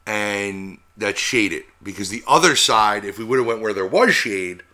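A man's voice: on the low side, lively intonation, a little slow, sharp tone. A man co-hosting a podcast, telling stories in a laid-back way and swearing often. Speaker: podcast co-host. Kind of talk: casual chat.

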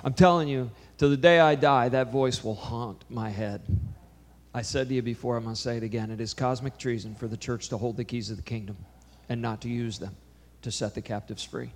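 A man's voice: mid-range voice, steady tone, fairly quick, a little hiss or hum. A man preaching a sermon, telling a story with emphatic rises and drops in his voice. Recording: long hall reverb.

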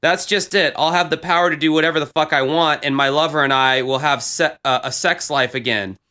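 A man's voice: a little high, fairly even intonation, brisk, bright, forceful tone. A young man in casual chat, reading his old posts aloud and retelling them with profanity and laughter.

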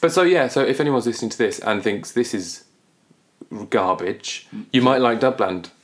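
A British man co-hosting a podcast, chatting casually and rambling, quick to laugh. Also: medium pitch. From Britain. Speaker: podcast co-host. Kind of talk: casual chat.

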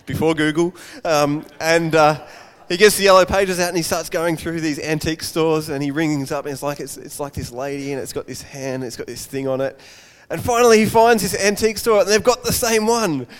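A man preaching a Father's Day sermon, an animated storyteller who acts out the voices of his characters. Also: on the high side, brisk, clean tone, long reverb tail.

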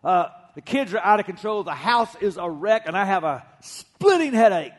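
A middle-aged pastor delivers a sermon in a higher-than-usual male voice. He talks in an easy, conversational way and slips humor into his stories. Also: big pitch swings, moderate pace. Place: church sanctuary.

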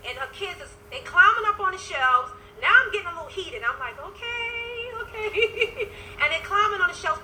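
A woman speaking as an inspirational life coach on a casual phone livestream, her voice pitched on the high side and strikingly bright and piercing. She tells stories to her viewers with animated energy, sprinkling in praise to God as she goes. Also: slight background noise, rough recording. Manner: animated storytelling with religious interjections.

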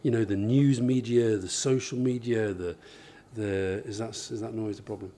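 A man's voice: lowish voice, steady tone, normal speed, dark tone, a little hiss or hum. A man, interviewed about his book, explaining his ideas thoughtfully with examples and frequent restarts. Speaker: author and interviewee. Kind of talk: conversational interview.

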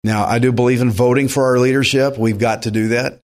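A man's voice: medium pitch, steady tone, fairly quick. Earnest man preaching a verse-by-verse sermon. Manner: earnest, emphatic, with frequent restarts. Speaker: pastor.

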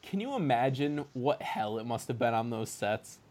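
A man co-hosting a podcast in casual chat, animated and laughing, slipping into impressions. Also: medium pitch, moderate pace. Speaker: podcast co-host.

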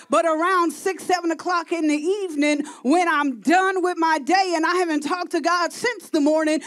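A woman preaching a sermon to a congregation, calling out to the crowd and building to shouts. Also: high voice. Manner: call-and-response preaching, rising to shouting.

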